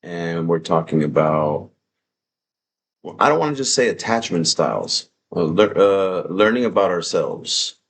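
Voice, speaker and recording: A man hosting a livestream, talking in a casual, excitable, rambling way with plenty of swearing, into a desk mic at his home setup. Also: sits low, unhurried, vocal fry. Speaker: livestream host. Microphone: desk microphone.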